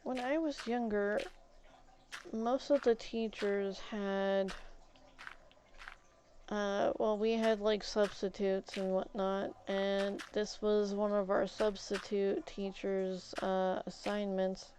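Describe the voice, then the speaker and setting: A young woman livestreaming, chatting casually and rambling through a school story with many fillers and restarts, getting animated as she goes. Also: medium pitch, slow pace, a little hiss or hum. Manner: grows animated and loud retelling arguments. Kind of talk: casual storytelling chat while gaming. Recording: slightly dull lo-fi stream audio.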